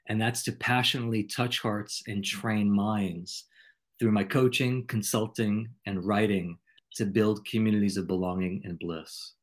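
Low-voiced man, ornate and playful. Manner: ornate, playful word choice, measured delivery. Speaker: podcast host, interviewed as guest. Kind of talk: conversational interview.

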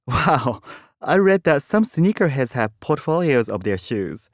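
A man's voice: mid-range voice, very animated, a little slow, no room sound, clean studio sound. A man speaking in a scripted lesson dialogue, explaining things.

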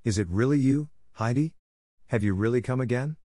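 A man voicing a blind, frail old grandmother, speaking softly and tenderly. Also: mid-range voice, brisk, no echo, clean studio sound, voice pushed up, natural voice.

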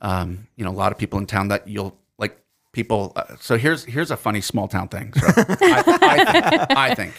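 A man's voice: on the low side, sing-song, moderate pace, creaky, fairly bright tone. A middle-aged man from New Jersey with a faint New Jersey accent, casually telling a story in conversation and chuckling often.

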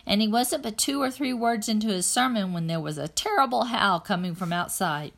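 A woman reading a children's novel aloud in an even, plain first-person narration. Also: mid-range voice, fairly quick, vocal fry. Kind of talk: read-aloud storytelling.

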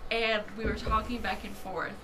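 A woman's voice: on the high side, fairly even intonation, normal speed, background noise. A teenage girl co-hosting a podcast, chatting bluntly and swearing often. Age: teens. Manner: swears a lot, blunt and teasing. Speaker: podcast co-host. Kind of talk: casual chat.

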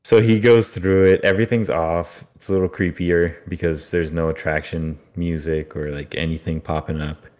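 A man co-hosting a podcast, recapping an episode in casual, animated chat. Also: low-pitched, normal speed, few pauses. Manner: animated storytelling, puts on silly voices. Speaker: podcast co-host.

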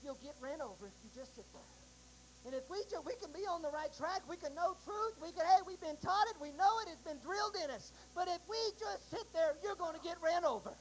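A woman preacher delivering a sermon in a folksy way, rising into shouted climaxes with a rhythmic "uh" between phrases. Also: extremely high pitch, fairly quick, few pauses, a little hiss or hum, rough recording. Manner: folksy storytelling asides.

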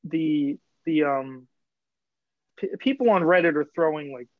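A young man co-hosting a casual podcast, ribbing his friends in quick back-and-forth. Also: fairly high pitch, dry recording. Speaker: podcast co-host. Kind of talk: casual chat. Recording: dull dry podcast mic.

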